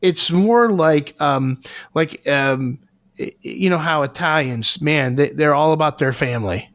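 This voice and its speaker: Podcast guy, kinda high voice, earnest, feels his way thru it, dry close sound. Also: a little slow, fairly bright tone, no echo. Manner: earnest, searching for words. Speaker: podcast co-host. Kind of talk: casual podcast discussion.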